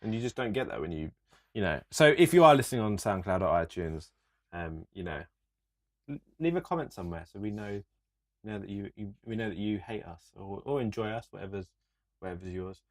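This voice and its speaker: A young man, co-hosting a casual podcast and telling stories in an animated, sweary rant. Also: fairly low pitch, fairly quick. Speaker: podcast co-host. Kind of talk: casual chat.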